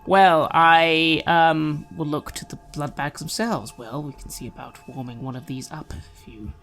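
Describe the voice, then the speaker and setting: Measured man voicing a clinical character. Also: fairly high pitch, steady tone, fairly bright tone, soft background music. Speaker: player. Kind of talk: tabletop role-play, in character.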